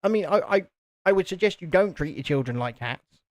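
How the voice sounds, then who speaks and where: A man's voice: high-pitched, lively intonation, a little fast, no echo. A man chatting casually and joking as co-host of a live stream. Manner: joking, rambling. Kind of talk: casual chat.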